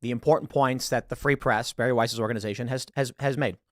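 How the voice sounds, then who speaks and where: A man's voice: mid-range voice, fairly even intonation, quick pace, no echo, clean studio sound. A man giving emphatic online commentary, often repeating words as he pushes his points. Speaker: political commentator.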